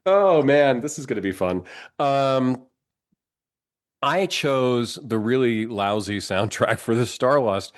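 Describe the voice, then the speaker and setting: Speaking slowly at a medium pitch, this podcast co-host has a cold. His casual chatter rambles along, with frequent laughs and sentences he keeps starting over.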